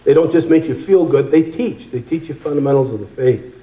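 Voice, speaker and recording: Male preacher, sermon delivery, emphatic with repetitions, dark mellow timbre, echoey room. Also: medium pitch, highs cut off. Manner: emphatic, repeats phrases for effect, slows on key words.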